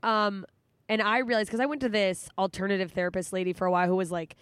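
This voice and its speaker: A woman's voice: mid-range voice, fairly even intonation, quick pace, clean tone, no room sound. A woman in her thirties hosting a podcast, talking candidly and emotionally in casual chat, swearing often. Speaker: podcast host.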